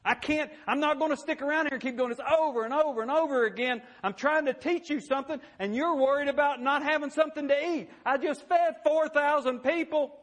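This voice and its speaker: Insistent, exasperated male teacher, put on by a high-voiced preacher pleading with his followers. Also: fairly quick, hardly any pauses, a bit bright. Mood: frustrated.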